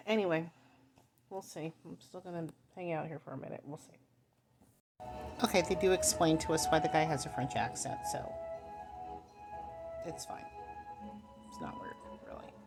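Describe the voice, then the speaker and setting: Woman, lowish voice, casual chat, rambling, self-correcting, movie review.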